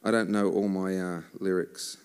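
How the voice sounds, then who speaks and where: Aussie guy, kinda low voice, joking around between worship songs, pokes fun at himself. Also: steady tone, moderate pace, smooth. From Australia. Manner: joking, self-mocking storyteller. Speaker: worship musician and songwriter. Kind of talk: casual stage banter between songs. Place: church service.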